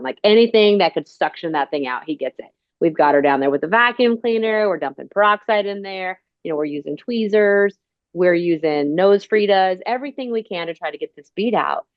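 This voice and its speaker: Low-voiced chatty woman podcast host. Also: no room sound. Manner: chatty, tells long personal stories. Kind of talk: casual storytelling interview. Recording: dull, dry phone-call sound.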